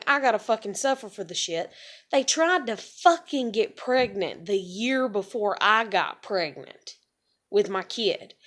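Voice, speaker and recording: Woman, 30s, high voice; furious profane venting monologue. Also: fairly bright tone. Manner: angry, profane ranting with sighs. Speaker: vlogger.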